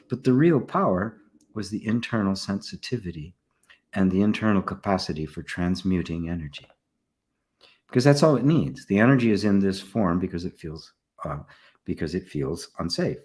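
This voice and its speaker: An older man, a spiritual teacher, giving a relaxed satsang talk, often checking in with "right?" and soft laughs. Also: low voice. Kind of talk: satsang talk, answering questions.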